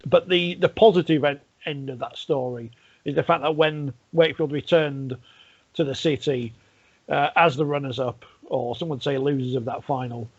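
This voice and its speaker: A man's voice: on the high side, steady tone, moderate pace, slightly rough. A man hosting a podcast in casual chat, wry and teasing. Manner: wry, teasing, laughs between points. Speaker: podcast host. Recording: dull, lo-fi remote line.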